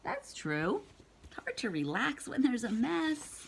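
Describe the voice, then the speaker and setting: Woman storyteller reading aloud to a child, playful questions, slow pace, high voice. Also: big pitch swings, a bit bright, husky. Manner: playful, asks the listener questions.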